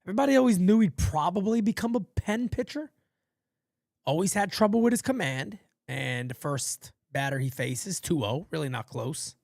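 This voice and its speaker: Man doing loose fan play-by-play, animated and swinging in pitch, dry close sound. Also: moderate pace, creaky, dry recording. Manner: rambling, swearing, easygoing banter between pitches. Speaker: play-by-play host of a fan channel. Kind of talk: casual live play-by-play with chat.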